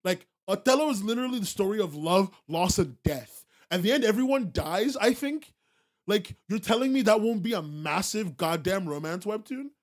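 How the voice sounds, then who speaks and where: A man hosting a podcast, talking bluntly and casually to his stream chat, swearing freely and repeating himself for emphasis, laughing often. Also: high voice. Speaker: podcast host.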